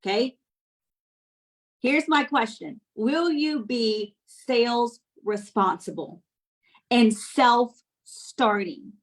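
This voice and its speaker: A woman's voice: on the high side, low-quality recording. A woman leading her sales team with a blunt, scolding and motivational manner, talking directly to her listeners. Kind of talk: motivational sales coaching talk.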